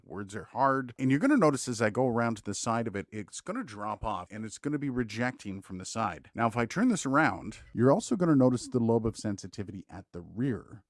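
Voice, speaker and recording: A man hosting a casual tech demo as a microphone reviewer, talking straight into a studio condenser mic with lively, joking asides. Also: medium pitch, no room sound.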